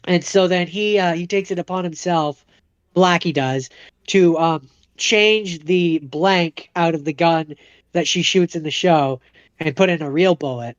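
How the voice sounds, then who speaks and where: A man's voice: on the high side, unhurried, smooth, dry recording, dull audio. A man co-hosting a podcast, casually retelling a movie plot in a rambling way and acting out the characters' lines. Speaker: podcast co-host.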